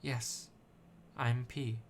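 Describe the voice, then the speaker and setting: A man doing a soft little fairy girl. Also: medium pitch, steady tone, very slow, background noise. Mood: gentle.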